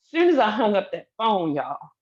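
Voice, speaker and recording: A woman's voice: medium pitch, very animated, moderate pace, slightly rough, lo-fi sound. A woman telling a personal story to her viewers in a candid, casual way, swearing freely and speaking straight to the audience. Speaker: vlogger.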